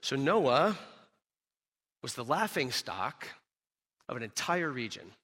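A man preaching a sermon, telling a scripture story with emphatic, animated delivery and rhetorical questions. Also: medium pitch, slow, big-room sound. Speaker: pastor.

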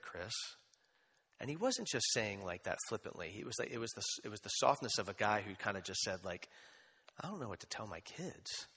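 A man preaching a sermon as pastor, conversational and animated, with asides and humor. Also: on the low side, husky. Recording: long hall reverb.

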